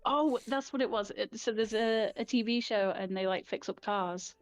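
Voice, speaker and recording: A woman's voice: mid-range voice, normal speed, soft background music. A woman with a posh English accent co-hosting a live stream, chatty and giggling often. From England. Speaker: co-host. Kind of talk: casual live-stream banter.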